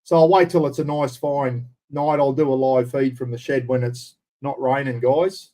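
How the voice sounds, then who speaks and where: An Australian man speaks warmly at normal speed in a mid-range voice with fairly even intonation. He's hosting a casual stream from a room at home, chatting easily and reading out the names of viewers as he says hello.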